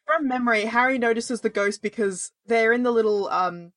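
A woman's voice: a little high, normal speed, a bit bright, no echo. A young woman co-hosting a podcast, speaking in a wry, sarcastic, sweary way. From Australia. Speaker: podcast co-host. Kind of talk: casual chat.

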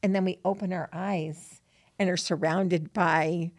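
A middle-aged woman co-hosting a casual scripture-lesson chat, telling stories with animation and reciting a poem in a measured way. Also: lowish voice, no echo, clean studio sound. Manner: animated storyteller who reads a poem with steady, measured delivery. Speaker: podcast co-host.

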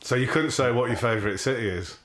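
A man's voice: medium pitch, fast talker, a bit bright. A man co-hosting a casual chat, putting dry quips and questions to his guest. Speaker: co-host. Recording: echoey room.

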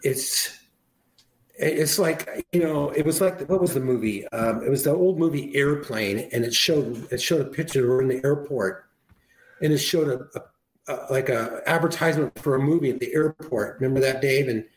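A man's voice: mid-range voice, moderate pace, echoey room, low-quality recording. A man chatting on a talk show in a rambling, conversational way, often restarting his sentences.

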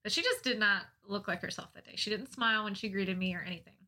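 Bright-voiced young woman telling a funny story. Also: medium pitch, quick pace. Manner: laughs often while telling a funny story; self-mocking and animated. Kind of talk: casual storytelling.

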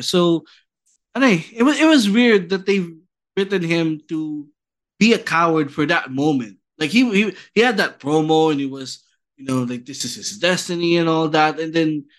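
A man's voice: fairly high pitch, a bit bright. A man talks on a podcast, switching between English and Tagalog. He thinks aloud with fillers. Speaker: podcast co-host. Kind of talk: casual chat.

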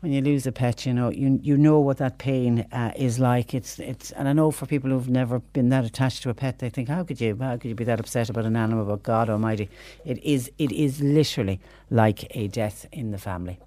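A woman's voice: extremely low pitch, a little fast, hardly any pauses, warm tone, no echo. A woman with a Cork accent hosting a radio phone-in, chatty and emphatic. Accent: Irish, Cork. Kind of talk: talk radio chat.

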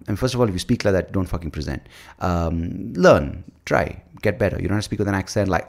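Deep-voiced man, profane rambling. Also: a little fast, gravelly, darkish tone. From India. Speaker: podcast host. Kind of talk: solo podcast rant.

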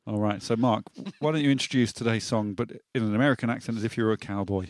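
A man's voice: fairly low pitch, fast talker. A man hosting a comedy music show, running a silly game with playful, laughing banter. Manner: playful, laughing, excitable quizmaster.

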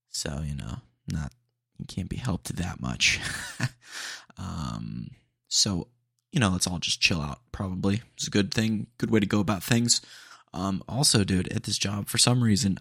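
A man's voice: low voice, vocal fry, fairly bright tone, slightly rough, no room sound, clean studio sound. A man hosting a podcast, chatting casually and rambling with lots of fillers and laid-back slang. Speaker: podcast host.

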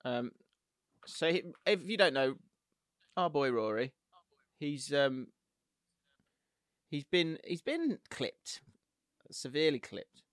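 Lively man on a dry mic. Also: on the high side, dry recording. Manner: animated, jokey, mimics others in quick bursts. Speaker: podcast co-host. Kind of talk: casual football chat.

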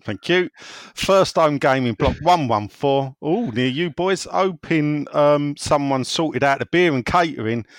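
A man's voice: a little high, unhurried, few pauses, no room sound. A man hosting a football podcast, reading out listener messages in a jokey, laughing way. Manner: jokey, laughs often, lively. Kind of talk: casual chat.

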